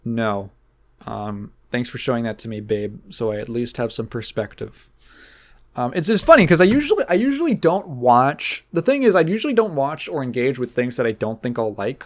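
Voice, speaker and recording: A man's voice: medium pitch, lively intonation, moderate pace. A young man hosting a casual podcast, rambling loosely with lots of fillers and the odd curse. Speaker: podcast host. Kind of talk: casual chat.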